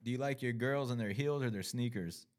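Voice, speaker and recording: A man's voice: mid-range voice, fairly quick. A male podcast host, in casual profane chat, laughing and telling stories. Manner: laughing, profane, animated storyteller.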